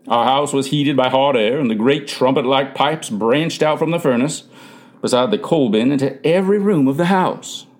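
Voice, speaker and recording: A man's voice: mid-range voice, normal speed. A man reading a first-person memoir aloud as the narrator, earnest in tone and lifting his voice for quoted speech.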